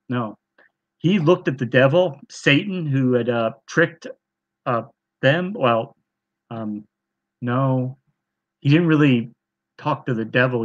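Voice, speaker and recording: A man's voice: mid-range voice, a bit bright, muffled recording. Rambling sarcastic man retelling a story. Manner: sarcastic, rambling with many fillers. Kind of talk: mock-earnest retelling.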